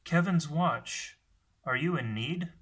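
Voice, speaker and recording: A man's voice: lowish voice, slightly rough, full character voice. A man voicing a breathless, eager teenage girl. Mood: calling out. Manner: breathless, hurried with excitement.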